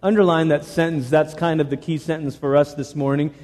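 A man preaching a sermon to his church, animated and repeating phrases for emphasis. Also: on the high side, a little fast, in a large hall. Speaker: pastor.

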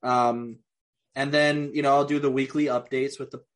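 A man's voice: medium pitch, little pitch movement, normal speed. A man co-hosting a casual podcast, joking, laughing often and drifting into tangents. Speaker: podcast co-host. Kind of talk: casual chat.

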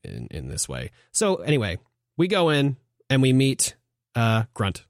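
A man's voice: medium pitch, huge pitch swings, measured pace, creaky, no echo, studio quality. A man co-hosting a podcast in casual chat, rambling with lots of filler words and acting out quoted lines. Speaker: podcast co-host.

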